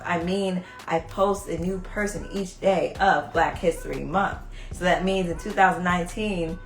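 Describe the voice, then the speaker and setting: A woman's voice: mid-range voice, a bit bright, reverberant. A young woman from Brooklyn, hosting a casual livestream talk in an earnest, emphatic way, repeating key phrases. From Brooklyn, New York. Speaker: host. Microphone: phone.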